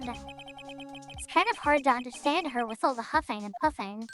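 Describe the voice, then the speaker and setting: A woman's voice: on the high side, animated, moderate pace, pauses often, a bit bright, faint music behind. A woman streamer giving playful, joking commentary while playing a game, with swearing. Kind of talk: game let's play commentary.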